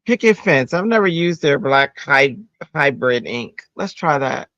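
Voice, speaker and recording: Woman host, chatty live-stream crafter talking to chat, tense bright tone, muffled stream audio. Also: rumbling low, animated, measured pace, no echo. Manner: chatty, answers chat, breaks into sung bits. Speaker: livestream host. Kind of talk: casual livestream chat while card-making. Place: home craft room.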